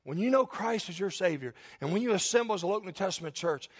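This is a male pastor, delivering a passionate sermon in a notably high voice. He stretches out key phrases, presses toward shouted emphasis, and checks in with his congregation for amens. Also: expressive, fast, husky. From Kentucky. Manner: impassioned preaching, building to shouted emphasis, calls for amens.

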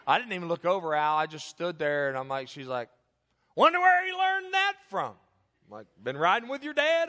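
A male pastor preaching an animated sermon, repeating phrases for emphasis and joking with his congregation, recorded in a church. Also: high-pitched. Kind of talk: sermon with humorous asides. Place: church sanctuary. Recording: long reverb of a church hall.

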